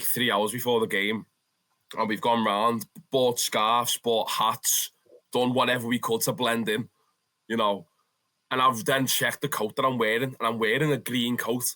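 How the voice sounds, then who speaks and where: A young Scouse man is spinning a story in a relaxed interview. His voice is bright and forward, and his telling is lively and full of swearing. He keeps calling the listener "lad". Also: mid-range voice, normal speed. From Liverpool, England. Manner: animated, swears freely, calls the listener "lad". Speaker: interview guest, football fan.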